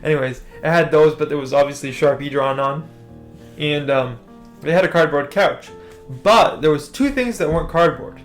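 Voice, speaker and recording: Young man, rambling storytime vlog, hesitant, lots of fillers, higher voice. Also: normal speed, faint music behind. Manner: hesitant, full of "like" and "anyways". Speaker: storytime vlogger.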